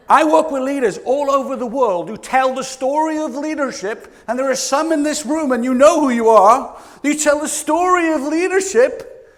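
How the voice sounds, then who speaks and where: A British man delivers a keynote on leadership to a roomful of listeners, his voice sitting high for a man. He talks in an animated way, quizzing the audience and playing out little scenes. A long reverb trails each phrase, as in a large hall. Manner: animated, asks the audience questions, acts out quotes. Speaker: leadership coaching speaker. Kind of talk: keynote talk to a live audience. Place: conference room with an audience.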